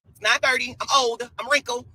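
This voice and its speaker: A man's voice: very high voice, level tone, a little fast, sharp tone, dry recording, rough recording. A man ranting on a livestream in a sassy, scolding way, repeating himself. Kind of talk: livestream rant.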